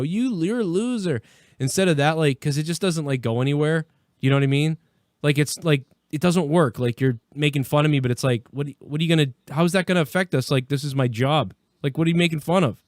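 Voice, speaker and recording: Laid-back male host in his thirties, a bit high-pitched, rambling casual talk, dry close sound. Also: quick pace, no room sound. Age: 30s. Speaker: podcast host. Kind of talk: casual chat.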